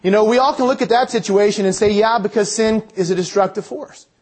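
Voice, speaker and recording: A man's voice: high-pitched, fairly quick, a little mellow. A man preaching a sermon, reading verses aloud and explaining them, earnestly asking his listeners direct questions. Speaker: pastor. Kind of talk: sermon teaching on scripture.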